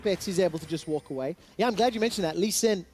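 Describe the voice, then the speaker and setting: A man calls a video game match as the play-by-play caster, trading quick, teasing banter with his partner. His voice is high for a man. Music sits clearly under the broadcast mix. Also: darkish tone. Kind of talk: esports play-by-play commentary.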